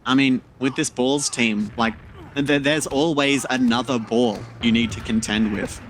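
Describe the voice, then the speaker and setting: A man doing rapid play-by-play commentary on a team shooter match, repeating words as he goes. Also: mid-range voice, steady tone, a little hiss or hum. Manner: fast play-by-play, trailing off into filler and repeats. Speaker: esports caster. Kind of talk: live game commentary.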